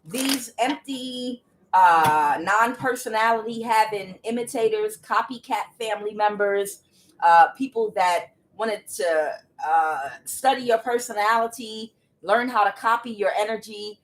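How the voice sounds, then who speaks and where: A woman's voice: medium pitch, a little slow. Emphatic woman giving a tarot reading. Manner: emphatic, exclaiming, talks straight to viewers. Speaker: tarot reader. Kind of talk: casual tarot reading to camera.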